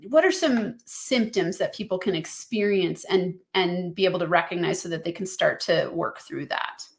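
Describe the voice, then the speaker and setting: A woman's voice: on the low side, moderate pace, creaky. A woman hosting an interview, affirming her guest eagerly and summing up the guest's points. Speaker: host. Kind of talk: interview conversation.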